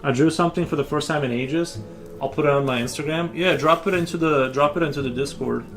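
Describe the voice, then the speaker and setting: A man's voice: a little high, quick pace, a bit bright, soft background music. Rambling man chatting on a stream. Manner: rambling, chatty, frequent restarts. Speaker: livestream artist. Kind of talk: casual livestream chat while drawing.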